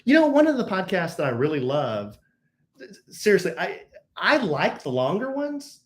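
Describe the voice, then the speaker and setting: This podcast co-host is a middle-aged man whose high-pitched voice moves at a moderate pace. He keeps the chat casual and lively, joking around with his son, in an echoey room with faint noise.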